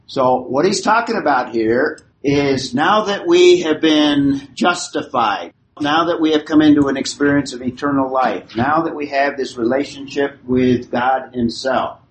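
A man teaching a Bible class, measured and emphatic, restating each point several times. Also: mid-range voice. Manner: measured, emphatic, with frequent paraphrase and repetition. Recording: echoey room with light background noise.

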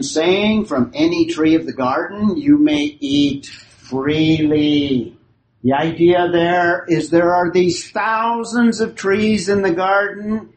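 A man teaching a Bible class, who asks his group questions, repeats their answers and leans hard on key phrases. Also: on the high side. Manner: emphatic, stretches key phrases. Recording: roomy hall recording, faint hiss.

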